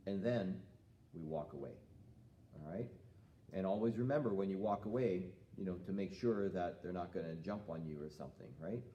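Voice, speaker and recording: A man teaching a children's jiu-jitsu lesson in a calm, patient way, asking the student questions. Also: sits low, roomy sound, slight background noise. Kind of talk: live-streamed kids' lesson. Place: martial arts school.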